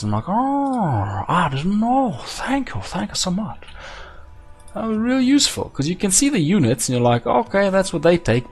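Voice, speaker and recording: A man casually commentating his own strategy game play, chatty and musing aloud, muttering numbers and slipping into quick silly voices. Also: fairly high pitch, creaky, husky. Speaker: gameplay commentator.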